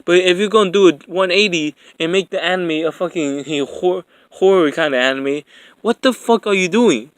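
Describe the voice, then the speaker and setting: A man's voice: high-pitched, moderate pace, smooth, no echo. A young man giving a rambling, profane, exasperated commentary on an anime episode. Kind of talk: ranting commentary.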